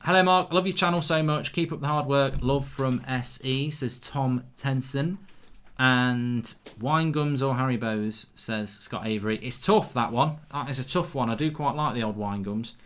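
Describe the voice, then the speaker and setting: Speaking at normal speed in a fairly bright, mid-range voice, a watchalong host narrates a live football match. He cheers the goals and reads out viewer comments in a relaxed, chatty way.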